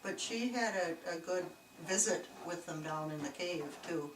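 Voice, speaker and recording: A woman telling a chatty, animated story indoors in an old jail, laughing easily. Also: fairly low pitch, normal speed. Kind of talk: casual storytelling to investigators. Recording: echoey, distant, noisy camcorder audio.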